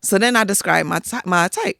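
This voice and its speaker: A woman guest on a podcast, telling personal stories in a lively, emphatic way and acting out what others said. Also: mid-range voice, fairly quick, vocal fry, no room sound, studio quality. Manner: animated, emphatic storytelling with acted-out quotes. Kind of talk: casual interview storytelling.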